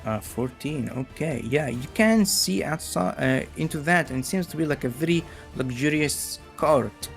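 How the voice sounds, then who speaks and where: Man, game master, gravelly voice, relaxed narration, filler-heavy. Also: on the high side, moderate pace, hardly any pauses, soft background music.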